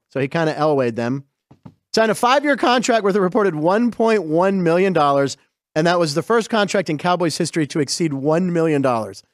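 A middle-aged man from western Pennsylvania hosting a sports show, telling stories over game clips in a chatty, digressive, excited way. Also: fairly high pitch, dry recording, clean studio sound.

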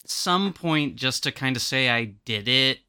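A woman's voice: rumbling low, animated, a little slow, pushed and bright, smooth, dry recording, studio quality. A woman guest-hosting a podcast in casual chat, playful and teasing. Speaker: guest host.

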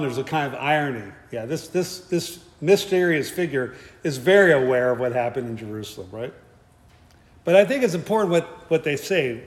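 A man's voice: medium pitch, lively intonation, moderate pace. A man giving a conversational sermon, with joking asides and frequent restarts. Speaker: preacher. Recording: echoey hall.

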